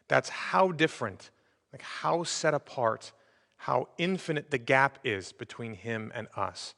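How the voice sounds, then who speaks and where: A man's voice: medium pitch, unhurried, vocal fry, a bit bright, long reverb tail. A man preaching a sermon as pastor, in a conversational way with frequent fillers and restarts. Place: church sanctuary.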